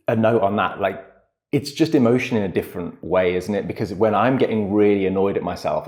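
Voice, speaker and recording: Earnest man, fairly low voice. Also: a little mellow. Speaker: podcast co-host, coach. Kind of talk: casual chat.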